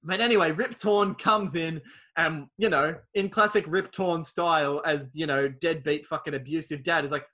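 Guy, high and bright voice, sweary casual film-recap podcast host. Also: steady tone, normal speed. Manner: swears freely, acts out quoted lines.

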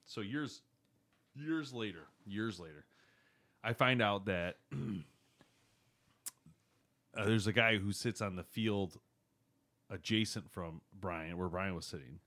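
A man co-hosting a podcast, telling stories in a casual chat with a laughing, lively delivery. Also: slow, long pauses. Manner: lively, laughing storyteller with wide pitch swings. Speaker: podcast co-host.

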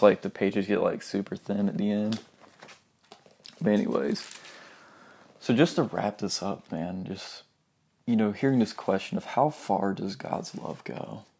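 A young man preaching in an earnest, informal way. His voice is low, gravelly and mellow. He reads scripture aloud and sometimes sinks to a soft near-whisper to drive a point home. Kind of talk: informal sermon with Bible reading.

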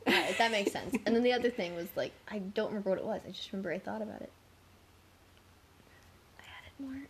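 A woman's voice: mid-range voice, racing, a bit bright, a little hiss or hum. A woman co-hosting a podcast in casual chat, talking in a loose, chatty way full of "like". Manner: chatty, filler-heavy, frequent "like". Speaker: podcast co-host.

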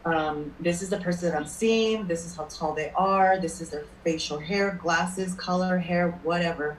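Speaking at a normal speed in a fairly low voice, a woman who works as a spirit medium shares chatty anecdotes in a relaxed interview and keeps asking "okay?". The sound is roomy, with a distant mic and a little noise.

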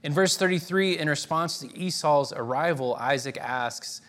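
A man's voice: fairly high pitch, normal speed, hardly any pauses, fairly bright tone. A man. He talks conversationally, trips and restarts often, and lifts his voice sharply when he voices a quoted line. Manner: dramatic reading of quotes with rising voice. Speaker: preacher. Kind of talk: sermon.

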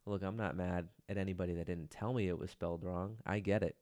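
A man with a slightly low voice talks through his solo podcast in a loose, rambling way. He pokes fun at himself, swears casually and keeps calling the listener "dude.". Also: fairly even intonation, fast talker, darkish tone. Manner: rambling and self-mocking, swears and says "dude" often. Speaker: podcast host.

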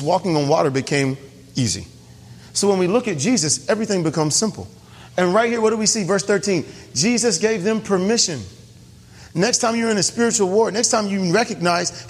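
Husky-voiced man preaching in a reverberant church. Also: high voice. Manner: emphatic, keeps asking the congregation questions. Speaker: pastor. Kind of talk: sermon.

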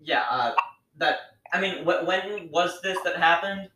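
A man's voice: high voice, a little slow, bright, forceful tone. Stammering podcast host man, echoey room. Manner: hesitant, stammering. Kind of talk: casual podcast interview. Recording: echoey room with faint noise.

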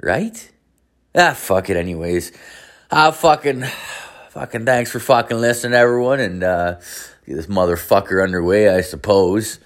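A man's voice: fairly low pitch, expressive, normal speed. A man in his thirties talking through a casual podcast monologue, wandering from thought to thought. He swears constantly and pokes fun at himself, restarting sentences as he goes. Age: 30s. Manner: rambling, heavily profane, self-mocking. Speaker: podcast host.

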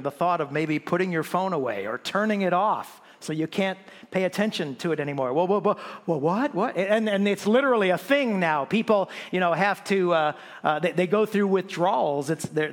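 Pastor guy preaching, kinda high voice, lots of stumbles and questions, echoey church hall. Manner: animated preaching with frequent restarts and rhetorical questions. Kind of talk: sermon.

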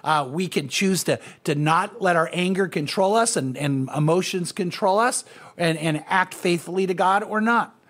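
A man's voice: high-pitched, moderate pace, fairly bright tone. A man, a pastor, giving an earnest, conversational Bible teaching and speaking directly to his listeners.

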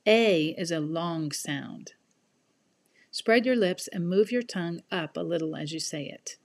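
A woman teaching a scripted pronunciation lesson, carefully enunciated and measured. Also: fairly low pitch, darkish tone. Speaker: pronunciation instructor.

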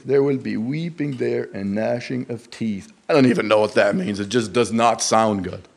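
At a church service, a lay preacher with a lowish, creaky voice preaches in a halting, earnest, plain-spoken way. He often restarts, and his voice builds in emphasis on quoted Scripture.

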